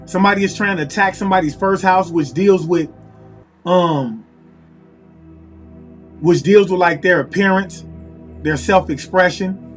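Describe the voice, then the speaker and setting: A man with a high-pitched voice gives a casual tarot reading, musing aloud and repeating himself as he calls on spirit. Soft music plays faintly behind him. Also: measured pace, long pauses. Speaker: tarot reader.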